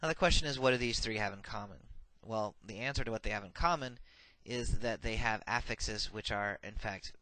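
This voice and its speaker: A man teaching a recorded grammar lesson, reciting verb paradigms slowly and methodically with frequent filler sounds. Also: on the low side, pushed and bright, no echo, rough recording. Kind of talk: recorded lecture.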